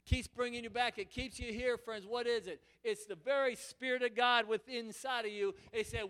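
A man's voice: extremely high pitch, fairly even intonation, moderate pace, few pauses, a bit bright, clean tone. A man preaching a fervent sermon in church, often repeating and restarting his words as he presses his point. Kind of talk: impassioned sermon.

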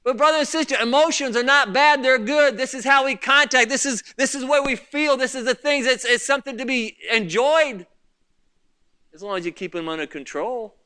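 A man preaching a sermon as pastor, impassioned, swinging between loud outbursts and quiet asides. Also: very high-pitched, moderate pace, clean tone.

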